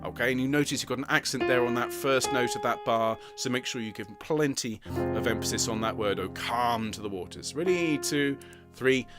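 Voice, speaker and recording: A woman's voice: rumbling low, brisk. Patient woman choir director over piano. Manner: counts in and sings short demonstration phrases; patient, encouraging coaching. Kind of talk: online choir rehearsal, teaching the alto part. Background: piano accompaniment.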